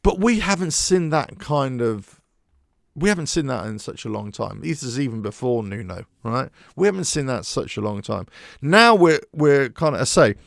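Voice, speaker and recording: Gravelly man ranting. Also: medium pitch, normal speed, no echo, studio quality. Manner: animated, rambling with restarts. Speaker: football fan channel host. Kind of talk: casual monologue.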